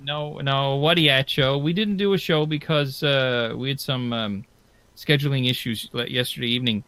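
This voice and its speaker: A man's voice: medium pitch, a bit bright, no room sound. Man co-hosting a podcast; rambly, easygoing, dry close mic. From Newfoundland and Labrador, Canada. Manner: rambling, friendly, lots of "you know". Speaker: podcast co-host. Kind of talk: casual chat.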